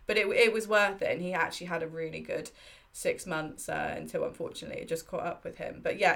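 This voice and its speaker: A woman in her thirties telling personal stories in a candid, heartfelt way during a casual chat. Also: on the low side. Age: 30s.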